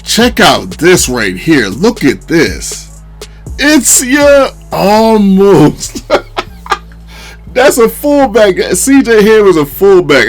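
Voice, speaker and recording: A man commentates his own video game replay in a loose, slangy way, leaning on "man" and "you know." His pitch swings widely, shooting high when he quotes his own disbelief. Faint music plays underneath. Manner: animated, jumps to high pitch when quoting himself; relaxed slang, fillers like "man". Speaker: gaming commentator. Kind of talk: casual gameplay commentary.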